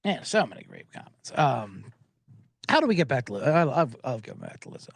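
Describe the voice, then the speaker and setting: A man's voice: medium pitch, sing-song, fairly quick, gravelly, slightly rough, no echo. A man hosting a sports betting podcast, riffing sarcastically and profanely while reading viewer comments aloud.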